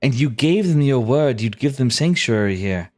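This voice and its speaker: A man voicing a woman who urges calm and restraint in a tabletop game. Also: mid-range voice, normal speed, soft background music, close to an everyday voice. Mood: pleading. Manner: urgent, pleading.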